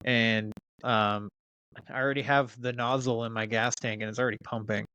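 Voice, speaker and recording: A man's voice: mid-range voice, steady tone, moderate pace, pushed and bright, clean tone, no room sound. A man in his thirties telling a story in casual chat, swearing freely and restarting his sentences with many fillers. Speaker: podcast guest.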